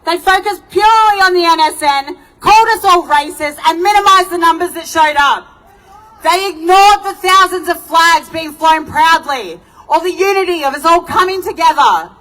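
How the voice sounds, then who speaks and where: Animated woman giving a rally speech. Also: extremely high pitch, normal speed, rough recording. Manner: animated, casual, shouting lines for emphasis. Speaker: rally organiser and speaker. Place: outdoor park rally.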